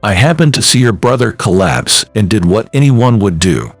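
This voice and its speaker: A man voicing a kind woman who calmly reassures a child and helps. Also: fairly low pitch, normal speed, no room sound, soft background music. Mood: reassuring. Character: kind helpful ordinary woman, calm.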